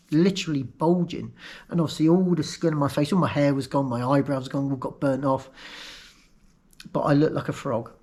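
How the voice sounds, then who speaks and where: A man tells his own story in a candid, personal way. His voice sits a little higher than most men's, and he is emotional, halting at times as he speaks. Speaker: vlogger recounting his own accident.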